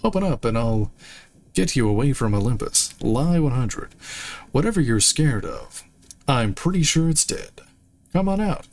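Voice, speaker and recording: A man's voice: mid-range voice, sing-song, moderate pace, darkish tone. A man streaming a video game, reading dialogue options aloud with dry, jokey asides at a desk microphone. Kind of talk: casual gameplay commentary.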